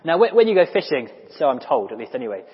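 A man preaching a sermon in a conversational, animated way, with quick asides and small restarts. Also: on the high side. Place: church. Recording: dull lo-fi recording in a reverberant church hall.

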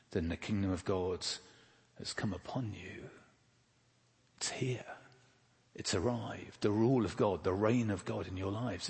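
Preacher in an echoey hall. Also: male voice, on the low side, breathy edge. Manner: conversational, rhetorical questions, casual asides. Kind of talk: sermon. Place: church.

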